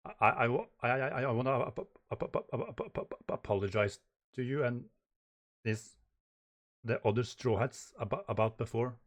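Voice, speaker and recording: A man's voice: on the low side, flat delivery, a little mellow, close to an everyday voice. A man voicing a nervous young male giant who stutters through an apology. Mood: sheepish. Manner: stammering, halting.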